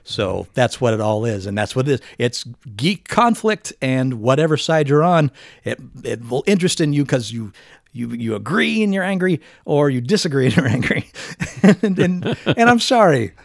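A man's voice: medium pitch, very animated, normal speed, vocal fry, no room sound, studio quality. A man hosting a casual podcast, chatting animatedly about fandom and reading out entertainment news, often restarting phrases. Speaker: podcast host. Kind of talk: casual chat and news read-out.

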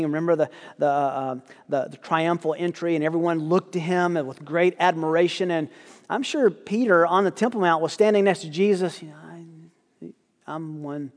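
A guest preacher giving a sermon, telling the story in a lively way and acting out quoted lines. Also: male voice, a little high, in a large hall.

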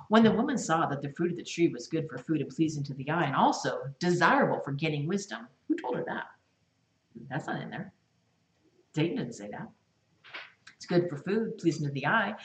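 A woman teaching a Bible study, reading verses aloud and acting out lines with lively, expressive delivery. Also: mid-range voice. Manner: animated, acts out voices while reading scripture. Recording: echoey room, voice from a distance.

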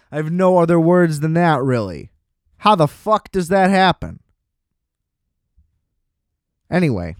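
A man's voice: on the high side, very animated, normal speed, no room sound, studio quality. A man hosting a podcast, ranting in a casual, exasperated and profane way. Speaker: podcast host. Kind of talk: casual solo podcast rant.

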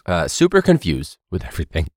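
A young man who is a teacher, hosting a podcast in a casual, animated monologue with quick impressions of students. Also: dry recording, studio quality. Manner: animated, mimics students in high voices.

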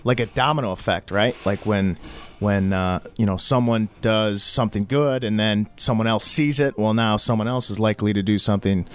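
A man who is a basketball coach and guest on a radio show, talking haltingly with many fillers and restarts. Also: fairly low pitch. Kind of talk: casual chat.

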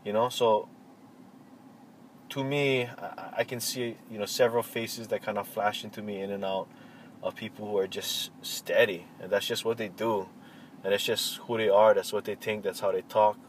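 A man answering interview questions in a relaxed, reflective way, pausing often with fillers and restarts. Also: fairly low pitch, rough recording. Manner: halting, many fillers and restarts. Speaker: interviewee, cultural practitioner. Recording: faint vehicle noise behind.

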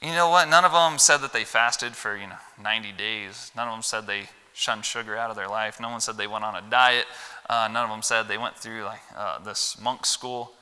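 Midwestern male preacher, folksy and animated, loud emphasis then low asides; crisp tone, reverberant sanctuary. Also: normal speed. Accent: Midwestern American. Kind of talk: Wednesday church sermon. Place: church sanctuary. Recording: long hall reverb.

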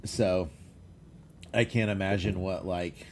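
A hoarse man who has just woken up, chatting casually as a podcast co-host and stumbling over his words. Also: sits low, steady tone, slow pace, darkish tone, slight background noise. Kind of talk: casual chat.

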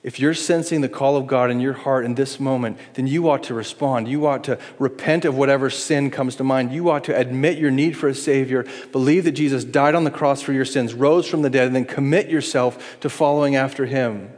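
A middle-aged man preaching a sermon as pastor, earnest and pleading, moving between hushed appeals and lively acted-out asides. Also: medium pitch, brisk, few pauses. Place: church sanctuary. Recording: long reverb in a large hall.

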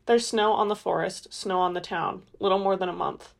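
A woman's voice: on the low side, steady tone, normal speed, vocal fry. Woman reading a hollow, distant vampire seer for a book reading.

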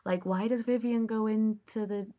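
A woman's voice: a little high, steady tone, moderate pace, dark tone. A woman co-hosting a casual film podcast, enthusiastic and giggly. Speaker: podcast co-host.

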